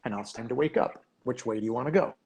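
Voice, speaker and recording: A man from Canada talking in a relaxed, theorizing way in a casual online chat. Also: medium pitch, quick pace, husky.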